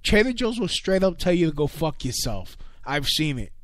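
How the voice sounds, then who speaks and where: A man's voice: fairly high pitch, very animated, moderate pace, fairly bright tone, no echo, studio quality. Rambling profane man. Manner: profane, rambling, many fillers and restarts. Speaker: podcast host. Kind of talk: casual comedic rant.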